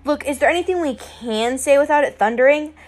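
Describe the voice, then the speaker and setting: A woman's voice: sits high, fairly quick, natural voice. A woman voicing a frustrated twelve-year-old boy who sounds whiny and indignant in an audiobook. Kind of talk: audiobook character voice.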